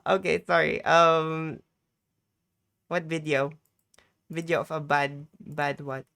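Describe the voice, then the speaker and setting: Slow-talking, low-voiced woman streamer. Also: fairly even intonation, creaky, a bit bright. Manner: chatty, rambling, exclaiming. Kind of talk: casual live-stream chat.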